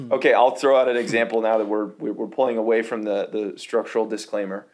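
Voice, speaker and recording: A man's voice: fairly low pitch, steady tone, fairly quick, darkish tone. A man co-hosting a podcast, rambling and correcting himself as he retells scenes from a show. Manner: rambling, self-correcting storyteller. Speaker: podcast co-host. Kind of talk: casual chat.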